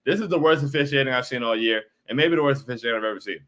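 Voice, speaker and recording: A man's voice: mid-range voice, racing, a bit bright. A young man hosting a postgame livestream, frustrated and repetitive, often saying bro while reacting to chat. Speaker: postgame show host.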